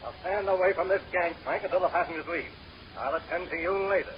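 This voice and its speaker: A man's voice: high-pitched, fast, a little hiss or hum, lightly acted. A man playing a blustering, suspicious ship officer. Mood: gruff. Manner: gruff, bossy, barking orders. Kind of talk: 1930s radio comedy acting. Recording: muffled 1930s radio recording.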